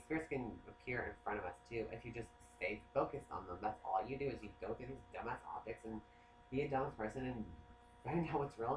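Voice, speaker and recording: A man who works as a psychic, talking in a casual, rambling monologue. He swears a lot and gets excitable. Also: medium pitch. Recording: echoey room, faint noise.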